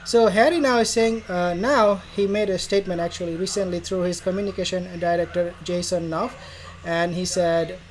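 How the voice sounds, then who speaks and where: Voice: mid-range voice, steady tone, moderate pace, rough recording. A royal news vlogger who rambles casually and sarcastically, acting out imagined dialogues. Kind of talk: casual commentary vlog. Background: faint background noise.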